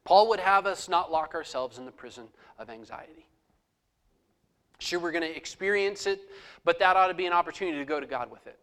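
Middle aged guy pastor giving a sermon, kinda high voice, chatty, acts out little prayers. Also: expressive, fairly quick, fairly bright tone. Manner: conversational, acts out prayers aloud.

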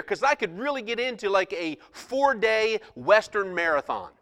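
A middle-aged male pastor telling a personal story in a sermon, animated and self-mocking. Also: high-pitched, normal speed, hardly any pauses. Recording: long hall reverb.

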